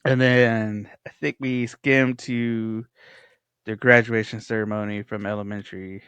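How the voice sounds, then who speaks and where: A man's voice: fairly low pitch, little pitch movement, measured pace, fairly bright tone, clean tone, no echo, muffled recording. Easygoing man co-hosting a podcast. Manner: easygoing, agreeable, laughs along. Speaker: podcast co-host. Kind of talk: casual chat.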